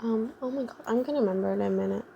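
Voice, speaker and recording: A woman's voice: fairly high pitch, rapid-fire, vocal fry, mellow, lo-fi sound, slight background noise. A young adult woman vlogger telling a casual storytime, rambling and full of fillers like "like" and "um".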